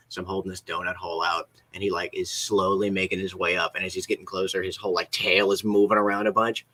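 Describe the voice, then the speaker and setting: A man's voice: low-pitched, flat delivery, quick pace, few pauses, sharp tone. A man co-hosting a casual live show, telling a funny everyday anecdote in a laid-back way, with casual swearing. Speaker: podcast co-host. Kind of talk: casual chat. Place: lives in a Florida college town.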